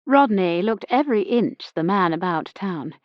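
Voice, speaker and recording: A woman narrating a period mystery audiobook in the first person, measured and wry. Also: mid-range voice, animated, no echo, highs cut off.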